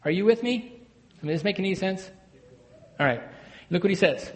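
A man preaching a sermon as a pastor, swinging between loud emphatic bursts and hushed, low phrases. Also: big pitch swings, brisk, long pauses. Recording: long hall reverb.

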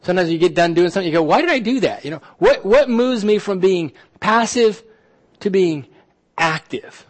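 A man preaching a sermon as pastor, animated, often repeating words and dropping to a soft, intense hush. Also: sits high, moderate pace.

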